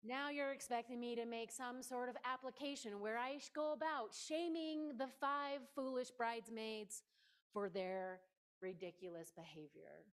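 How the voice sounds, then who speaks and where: A woman's voice: on the high side, normal speed, clear, resonant tone. A woman preaching a conversational sermon in a church, playful and emphatic, often stopping to speak directly to her listeners.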